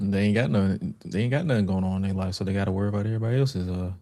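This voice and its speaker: A man's voice: deep voice, very fast, dark tone. A man co-hosting a podcast, joking and laughing as he tells stories in casual banter. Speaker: podcast co-host.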